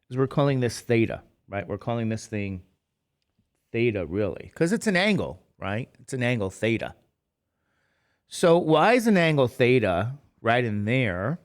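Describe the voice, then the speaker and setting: A middle-aged man teaching math in a casual lecture, tired and rambling, with chatty self-deprecating asides. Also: mid-range voice. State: tired, sleepy.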